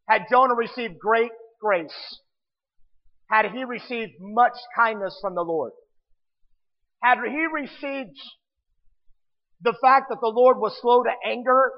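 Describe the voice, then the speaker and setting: A man's voice: very high-pitched, long reverb tail, muffled recording. A man preaching a sermon, emphatic and appealing directly to his listeners.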